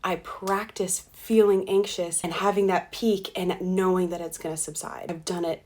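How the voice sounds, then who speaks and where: A woman's voice: lowish voice, little pitch movement, moderate pace, darkish tone, no room sound, rough recording. A young woman vlogging outdoors, nervously chatty and self-aware, leaning on "like" and "literally" as she talks through her anxiety. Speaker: vlogger doing exposure therapy. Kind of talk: casual vlog talk to camera. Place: outdoors on a city street and in a graveyard. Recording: outdoor street noise with traffic.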